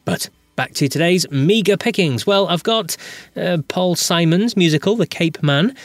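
A man's voice: high voice, animated, a little slow, no room sound. A man hosting a daily classic rock podcast, reading a script with chatty, candid asides. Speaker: podcast host.

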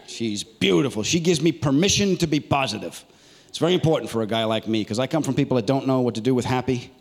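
A man performing a loud, animated stand-up comedy set on a theater stage, acting out voices. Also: medium pitch, fast talker, slight background noise. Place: large theater stage with audience. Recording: live hall recording with loud crowd.

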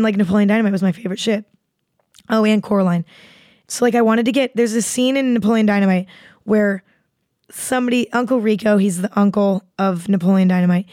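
A woman's voice: medium pitch, darkish tone, no room sound, studio quality. A young adult woman hosting a podcast, chatting casually in a rambling, heavily profane way. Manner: rambling, swears freely. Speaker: podcast host. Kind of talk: casual chat.

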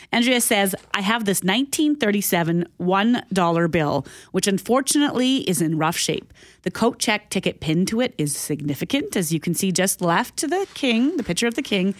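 A woman's voice: medium pitch, no room sound. Playful female radio co-host, dry sound. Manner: playful, reminiscing. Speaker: radio morning show co-host. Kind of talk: casual radio chat. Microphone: studio microphone.

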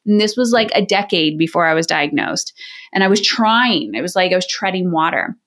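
A middle-aged woman talking as a parenting coach in a podcast interview, direct and energetic, often acting out quoted voices. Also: lowish voice, fairly quick. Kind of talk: candid podcast interview talk.

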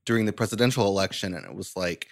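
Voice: low voice, lively intonation, very fast, gravelly. Hesitant, laughing podcast guest. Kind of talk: casual chat.

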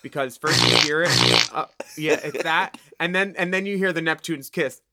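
A man's voice: fairly high pitch, normal speed, heavy background noise. A man co-hosting a podcast in casual chat, laughing often and acting out quoted conversations. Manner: chatty, laughing, acts out quoted dialogue. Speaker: podcast co-host.

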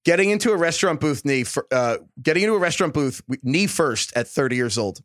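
A man hosting a podcast in casual chat, playful and quick to laugh. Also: a little high, lively intonation, a bit bright, dry recording, clean studio sound. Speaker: podcast host.

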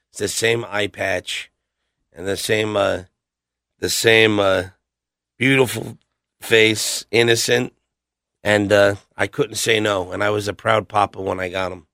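In a casual interview, a middle-aged metal singer on a podcast rambles through blunt anecdotes, mimicking other people's quotes. His lowish voice is fairly even, a little slow, with vocal fry and a pushed, bright edge. It's clean studio sound with no echo.

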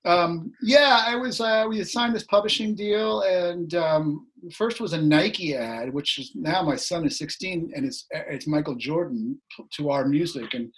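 This middle-aged man, a guest who plays music, spins a story in easygoing conversation while laughing often and doing impressions of the people he quotes. The voice is a touch rough and a little high, and he never rushes.

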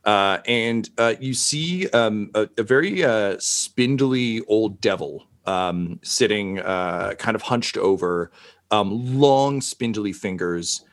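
A man's voice: lowish voice, expressive, slow pace. A man narrating as game master in a rambling, profane, casual way.

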